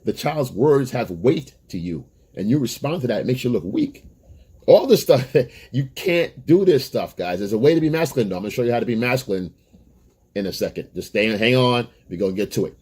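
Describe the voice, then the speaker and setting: A man's voice: mid-range voice, expressive, brisk, a little mellow, breathy edge. Man, dating coach, advice monologue to camera, blunt, emphatic, repeats himself.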